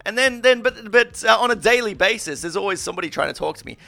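A man hosting a podcast, chatting casually in an animated, joking, teasing way. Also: high-pitched, fast, gravelly. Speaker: podcast host. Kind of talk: casual chat.

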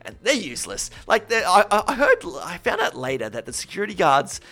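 A man tells stories in casual chat. His voice is raised and gravelly, bright in tone, and it swings widely in pitch as he acts out a heated argument. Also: fairly quick. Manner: animated, loud when acting out a quarrel.

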